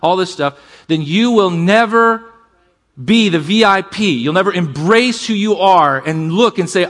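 A man preaching a sermon to a congregation, calling for amens and shifting between fast bursts and slow, quiet emphasis. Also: high-pitched. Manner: energetic preaching, calls for amens, varies pace and volume. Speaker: pastor.

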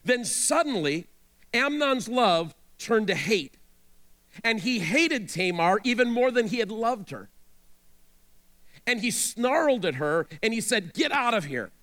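A man's voice: high-pitched, expressive, slow, long pauses, fairly bright tone. A male pastor preaching a sermon, retelling a scripture story with dramatic storytelling and direct asides to his listeners.

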